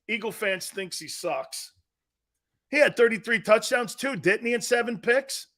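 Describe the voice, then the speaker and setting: A man hosting a sports talk stream, reading fan comments and trash-talking in loud, brash bursts. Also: high voice, animated, unhurried. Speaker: sports talk show host.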